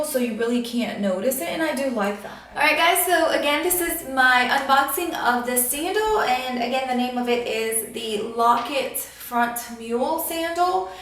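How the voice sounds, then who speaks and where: A woman talking through an unboxing vlog in a casual, annoyed, complaining way, with many fillers. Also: fairly high pitch. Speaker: vlogger. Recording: very echoey room, voice from a distance.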